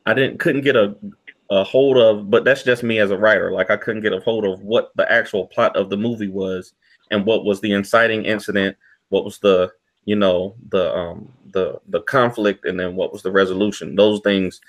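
A man's voice: lowish voice, fairly even intonation, normal speed. A man giving a casual movie review, rambling with lots of "you know" fillers. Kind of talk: casual podcast review chat.

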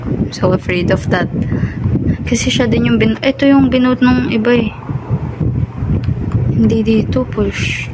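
Filipino-accented woman, gaming commentary, excitable, bright higher voice, clear game noises behind. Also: unhurried, long pauses, heavy background noise. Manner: excitable, exclaims often, switches between English and Tagalog. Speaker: game streamer. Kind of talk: live gameplay commentary.

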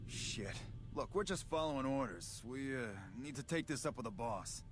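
Actor playing a gruff game thug, blunt, threatening, medium pitch, faint music behind. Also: male voice, animated, normal speed, lightly acted. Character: gruff male thug guarding a room. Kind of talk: video game dialogue.

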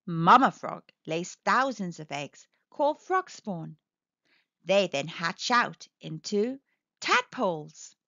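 A woman narrates a children's picture book with a bright, animated voice that rises and falls. Her storytelling is expressive and aimed at young listeners. The recording is dry and a touch muffled. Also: lowish voice, slow, vocal fry, no echo. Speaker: storybook reader. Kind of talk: children's read-aloud narration. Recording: dry, slightly dull recording.

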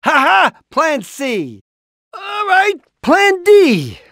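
A man's voice: very high voice, wildly swooping pitch, very slow, a bit bright, no room sound, clean studio sound, exaggerated voice. An older actor voicing a nervous, fussy rooster father in a cartoon video game, stammering and shrieking when scared. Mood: flustered. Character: nervous, fussy rooster dad, easily panicked.

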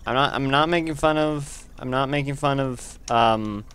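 A man giving casual commentary over his own gameplay, chatty and quick to exclaim when things go wrong. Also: mid-range voice, fairly bright tone, smooth. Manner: chatty, easily frustrated, exclaims at setbacks.

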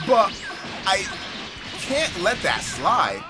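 A young man giving loud, trash-talking commentary over his own online matches, shouting at opponents and explaining his character build. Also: high-pitched, wildly swooping pitch, very slow, over music. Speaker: gaming YouTuber. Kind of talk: hyped gameplay commentary.

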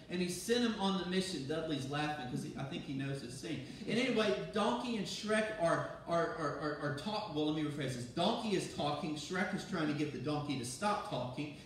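A man, a pastor, giving a sermon in a lively, conversational way, often restarting his sentences. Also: sits high, slight background noise. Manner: animated, conversational preaching with restarts. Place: church sanctuary. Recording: very echoey church from far off.

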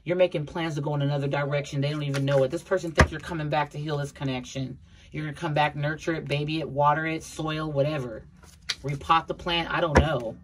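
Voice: medium pitch, fairly even intonation, fast talker. Blunt chatty tarot reader, noisy recording. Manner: chatty, repeats herself, addresses viewers as a collective; blunt, occasional swearing. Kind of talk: casual tarot reading monologue.

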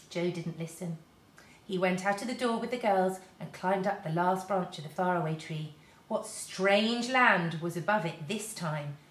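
A woman, a teacher, reading a children's storybook aloud to her class in a lively, expressive way. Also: on the low side. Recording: roomy echo.

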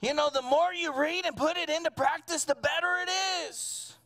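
High, bright-voiced preaching man. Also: normal speed. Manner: earnest preaching that builds to emphatic fervor. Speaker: pastor. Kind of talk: sermon. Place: church sanctuary.

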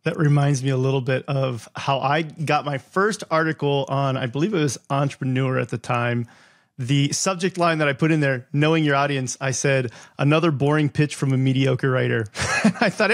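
A man's voice: mid-range voice, normal speed. A man hosting a podcast interview, chatty and friendly, laughing easily as he tells a story. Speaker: podcast host.

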